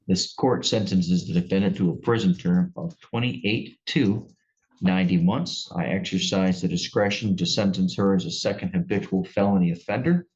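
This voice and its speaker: A man's voice: low-pitched, normal speed, a little mellow. A male judge giving stern, plainspoken sentencing remarks in a courtroom, often restarting his sentences. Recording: dull lo-fi courtroom recording.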